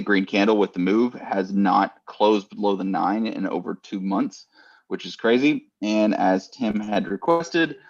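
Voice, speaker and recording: A man, a trading coach, steadily explaining market index charts. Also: lowish voice. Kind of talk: chart analysis commentary. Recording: slightly muffled sound.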